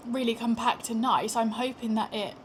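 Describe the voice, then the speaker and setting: A woman's voice: fairly high pitch, fairly even intonation, moderate pace, slight background noise. A young British woman, pregnant, chatting casually to a handheld camera in a vlog with self-deprecating asides. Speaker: vlogger. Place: indoors at home and walking outdoors. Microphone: small handheld gimbal camera.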